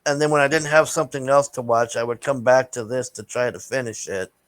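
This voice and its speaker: A man's voice: mid-range voice, steady tone, a little fast, dry recording, low-quality recording. Blunt, profane man rambling a film review. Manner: blunt and profane, with many fillers and restarts. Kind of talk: casual rambling movie review.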